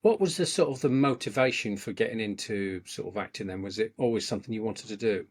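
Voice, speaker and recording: A man hosting an interview, asking relaxed questions and prompting with tag questions. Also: on the low side, quick pace, slightly rough. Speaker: interviewer, host.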